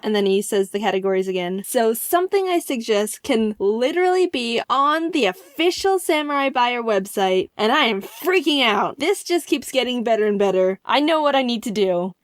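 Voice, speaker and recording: A woman narrating an animated storytime in an excitable way, jumping into playful voices for the people she quotes. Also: on the high side, normal speed, hardly any pauses, no echo, studio quality.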